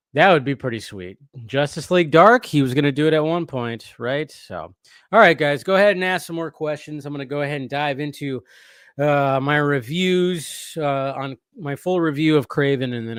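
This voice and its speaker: A man's voice: medium pitch, expressive, normal speed, fairly bright tone, clear, resonant tone, no echo, studio quality. A man hosting a casual movie-news live stream, rambling, restarting his sentences and reading viewers' messages aloud. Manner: rambling, restarts often, reads chat aloud.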